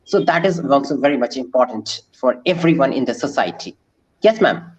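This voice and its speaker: A man's voice: medium pitch, expressive, moderate pace, lo-fi sound. A man, a guest speaker answering questions in an online lecture, polite and repetitive. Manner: polite, repeats himself, says "sir" and "ma'am" often.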